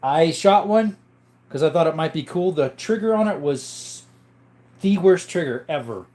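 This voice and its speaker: A man's voice: a little high, lively intonation, unhurried, mellow. A young man hosting a casual livestream, reading chat and greeting viewers by name in a chatty, upbeat way.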